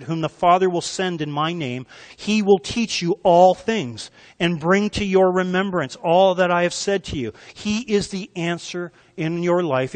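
A male pastor delivers an emphatic sermon in a church sanctuary, his voice sitting a little high for a man. He keeps turning questions back to the congregation to draw them in. A long reverb trails each phrase through the hall.

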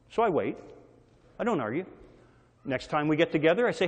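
Male preacher in mid-sermon, rhythmic repetition, slightly high-pitched, recorded with a long reverberant hall tail. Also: sing-song, normal speed, long pauses. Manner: repetitive call-and-response phrasing, varied emphasis.

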